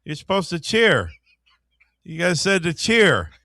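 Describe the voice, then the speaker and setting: Gravelly, lively man co-hosting sports radio. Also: sits high, a little slow, no echo, clean studio sound. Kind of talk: casual sports radio banter.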